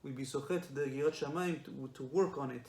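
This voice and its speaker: In an echoey room, a Torah lecturer with a mid-range, slightly mellow voice teaches briskly. His religious lesson is forceful and repetitive, full of rhetorical questions.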